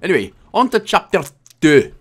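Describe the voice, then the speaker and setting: A man's voice: a little high, sing-song, normal speed, a little hiss or hum. A man from Wales giving a casual, jokey game walkthrough, chatty and often correcting himself. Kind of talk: casual gameplay commentary.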